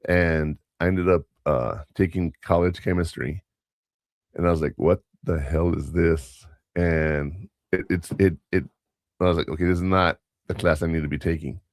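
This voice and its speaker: A man's voice: low-pitched, steady tone, moderate pace, dry recording, clean studio sound. A man hosting a casual talk show, blunt and lecturing in a plain-spoken way. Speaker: podcast host.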